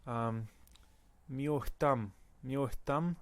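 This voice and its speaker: Slow, careful male language teacher. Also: mid-range voice, clean tone. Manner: slow, careful, repeats words with pauses. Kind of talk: recorded audio lesson.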